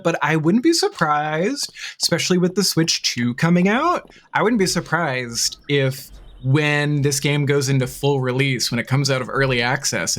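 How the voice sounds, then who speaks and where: Bubbly woman streamer, lively pitch. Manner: chatty, bubbly, laughs often. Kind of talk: casual live-stream chat. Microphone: desk mic.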